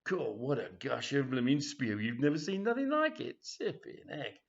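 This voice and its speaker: A man's voice: mid-range voice, big pitch swings, moderate pace, gravelly. A man reading his own comic story in a rambling, chatty way with many restarts. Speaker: author. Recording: dull lo-fi recording.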